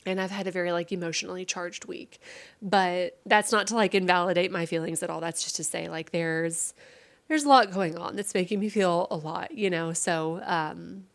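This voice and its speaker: A woman's voice: on the low side, moderate pace, gravelly. A woman vlogging from home, tearful and talking in a rambling, heartfelt way. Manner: rambling and heartfelt, many fillers. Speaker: vlogger and streamer. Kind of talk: casual confessional vlog.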